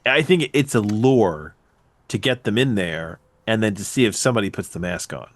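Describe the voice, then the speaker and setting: A man co-hosting a podcast in casual chat, hoarse as he loses his voice and quick to jump in with objections. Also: lowish voice, expressive, dry recording. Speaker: podcast co-host.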